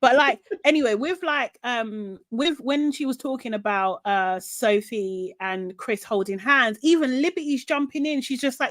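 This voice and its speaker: A woman co-hosting a podcast, recapping a TV show in animated casual chat, quoting people and swearing. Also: on the high side, normal speed, hardly any pauses, no echo. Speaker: podcast co-host.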